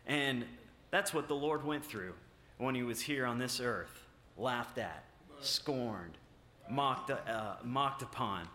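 Male preacher, halting and emphatic, bright tone, roomy church sound. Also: mid-range voice. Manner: halting, many filler sounds and restarts; emphatic, rising on key points. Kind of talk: sermon with scripture reading. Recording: echoey room.

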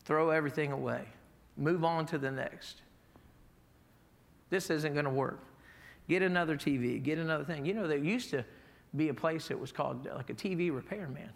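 A man's voice: fairly high pitch, normal speed, creaky. A man preaching a sermon as pastor, in a folksy, emphatic way, reading scripture. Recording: echoey hall.

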